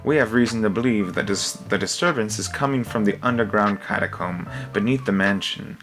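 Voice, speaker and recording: A man's voice: lowish voice, a little fast, fairly bright tone, faint music behind. A man voicing a polite, nervous male butler, speaking formally in a tabletop game. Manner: formal, courteous.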